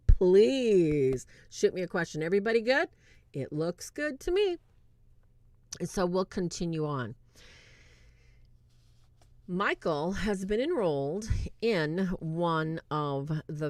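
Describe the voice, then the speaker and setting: A woman's voice: lowish voice, no echo. A woman hosting a casual livestream movie review, eagerly retelling scenes and checking in with her chat.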